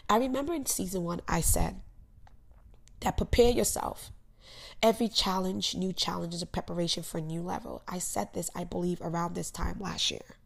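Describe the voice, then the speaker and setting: A young woman hosting a podcast talks earnestly through a personal struggle, her low voice carrying a gravelly edge. She swings between loud, emphatic bursts and hushed asides as she tells her story. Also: steady tone, moderate pace. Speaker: podcast host. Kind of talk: personal motivational monologue.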